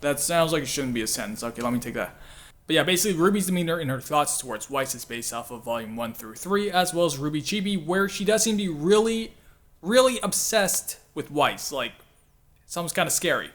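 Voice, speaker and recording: Guy hosting a laid-back video commentary, self-deprecating, chatty, slightly high voice. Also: lively intonation, a little fast, fairly bright tone. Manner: chatty and self-deprecating, with frequent laughs and "like" fillers. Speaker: channel host and voice actor.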